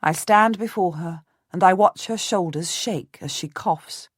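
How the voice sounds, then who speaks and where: A woman narrating a historical audiobook in the first person, measured and composed. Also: lowish voice, breathy edge, dry recording, clean studio sound.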